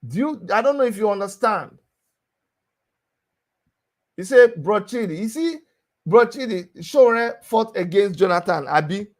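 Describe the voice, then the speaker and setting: A man's voice: high voice, animated, a little slow, long pauses. A man hosting a heated political talk show, pressing his point with rhetorical questions and hammering repetition.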